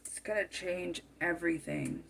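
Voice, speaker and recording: A woman's voice: fairly low pitch, moderate pace, vocal fry, slight background noise. A woman giving a tarot card reading, musing aloud and often repeating and rephrasing her phrases as she goes.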